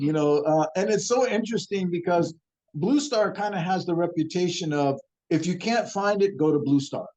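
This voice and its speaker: A man's voice: high voice, unhurried, a little mellow. A man speaking as a guest on a podcast interview, earnest and often repeating words as he thinks. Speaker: guest, ingredient supplier.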